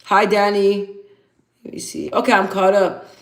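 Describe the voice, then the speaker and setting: A woman's voice: medium pitch, little pitch movement, moderate pace. A woman hosting a casual livestream, talking candidly to viewers, reading their comments aloud and repeating phrases for emphasis. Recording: echoey room.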